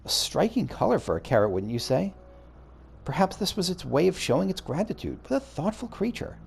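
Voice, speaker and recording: A man's voice: sits high, very animated, fairly quick, creaky, a little mellow, slight background noise, voice pushed up, heavily acted. A man voicing a polite, fussy ancient scholar in game dialogue, formal and genteel. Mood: gracious. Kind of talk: reading game dialogue aloud.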